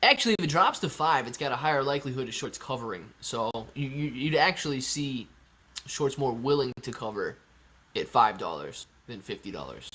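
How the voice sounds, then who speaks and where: A man's voice: mid-range voice, sing-song, a little fast, pushed and bright, breathy edge. A young man hosting a live stream, reading viewer comments aloud and answering in a chatty, laid-back way. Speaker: livestream host reading chat. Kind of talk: casual live stream chat.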